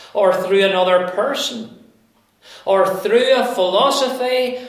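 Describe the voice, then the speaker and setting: A man preaching a sermon, explaining scripture in a slow, deliberate way with emphatic pauses. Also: high-pitched. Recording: very echoey room.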